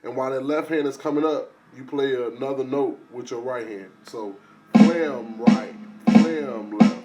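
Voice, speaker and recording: A man teaching drum rudiments in a casual lesson, explaining step by step and counting the strokes out loud. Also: medium pitch, fairly even intonation, fairly quick, over music. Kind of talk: casual instructional talk.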